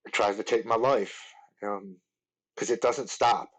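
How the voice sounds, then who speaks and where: Halting, earnest man with low voice. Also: fairly even intonation, rough recording. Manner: earnest, halting, repeats words. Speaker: podcast guest. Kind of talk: personal recovery story.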